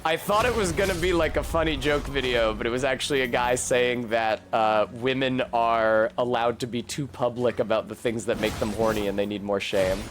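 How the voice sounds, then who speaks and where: A man's voice: mid-range voice, moderate pace, hardly any pauses. A man chatting casually and swearing while streaming a video game, often laughing. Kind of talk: casual gameplay commentary.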